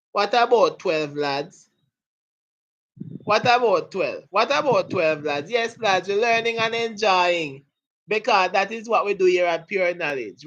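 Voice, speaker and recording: A woman with a mid-range, fairly bright voice jokes and laughs her way through a live exam prep lesson, firing up her students. The audio sounds dull.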